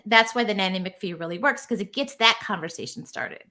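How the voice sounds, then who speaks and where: A woman's voice: mid-range voice, lively intonation, brisk, sharp tone. A woman guest in an interview, a marketing strategist explaining her ideas with confidence. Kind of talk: casual interview chat.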